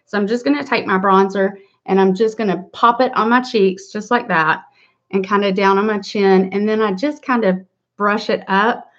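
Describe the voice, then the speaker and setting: A middle-aged woman hosts a casual makeup tutorial on a livestream, chatting away and greeting viewers by name in an upbeat mood. Her voice is medium-pitched and steady, at a normal speed. The lo-fi audio sounds slightly dull.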